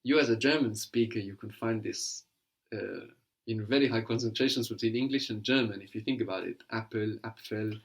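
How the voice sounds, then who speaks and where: A man's voice: lowish voice, brisk, vocal fry. A man teaching a language lesson, patiently explaining words and prompting his student to translate.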